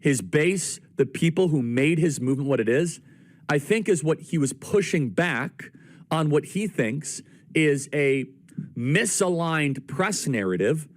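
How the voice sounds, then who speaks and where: A man's voice: a little high, expressive, measured pace. A man giving political commentary, confidently listing points and speaking directly to his viewers. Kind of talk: talk show commentary.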